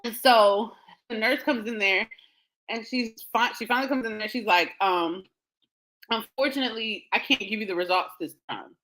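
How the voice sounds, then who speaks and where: A woman hosting a show, telling a personal story in a casual, animated way with frequent laughter. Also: a little high, normal speed, poor audio. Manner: animated, laughing often, quotes others in dialogue. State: emotional, near tears. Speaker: podcast host.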